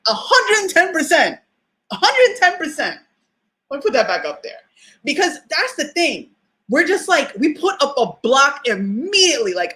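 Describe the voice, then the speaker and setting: A woman hosting a casual live talk show for her listeners. She speaks in a fairly high voice that swoops up and down a lot. She is chatty and animated, laughs often and leans on fillers. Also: normal speed. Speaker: podcast host.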